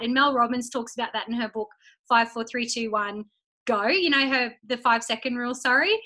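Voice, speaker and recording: A young woman with a high-pitched, sharp voice leads her business team through a chatty motivational talk, acting out little inner voices and phone calls. The recording is rough.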